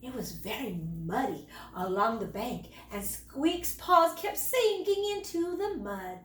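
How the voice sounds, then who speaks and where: High, lively woman reading a storybook. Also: far from the mic. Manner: expressive, slow storytelling. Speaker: teacher. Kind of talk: children's storybook read-aloud. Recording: roomy, away from the mic.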